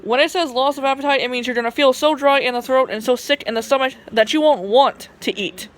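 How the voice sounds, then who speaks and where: A woman's voice: sits high, a little fast. A young woman with a Southern twang vlogs into her phone camera in a casual storytelling voice. Her talk rambles, full of cursing, "like" fillers and restarts. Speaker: vlogger.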